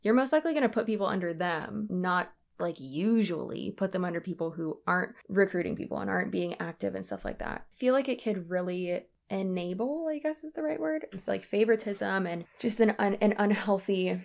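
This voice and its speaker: A young woman whose voice drops into a gravelly, creaky texture as she reacts to a clip. She thinks aloud, hesitant and measured, with fillers, in a middle register. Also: medium pitch, lively intonation, darkish tone. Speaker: reaction video host.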